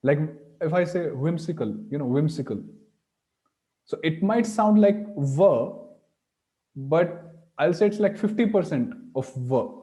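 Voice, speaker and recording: A male teacher speaks slowly and patiently, demonstrating each sound aloud. His voice sits a little high, with a dark, mellow tone. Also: low-quality recording. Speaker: Sanskrit grammar teacher. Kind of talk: online class explanation.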